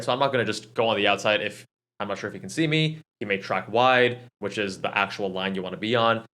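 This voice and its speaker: A man narrating track-day footage, calmly breaking down his driving and drawing lessons step by step. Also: on the low side. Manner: calm, analytical, explains driving lessons step by step. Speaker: channel host and track driver. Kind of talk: track-day video commentary. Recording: car engine noise behind the voice.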